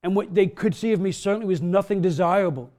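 Male pastor, slightly high voice, casual sermon with emphatic builds. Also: fast talker, darkish tone.

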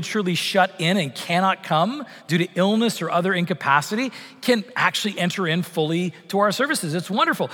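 A man's voice: sits high, fairly bright tone, in a large hall. A middle-aged man from Canada preaching a conversational sermon to his congregation, with many fillers and restarts. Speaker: pastor. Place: church sanctuary.

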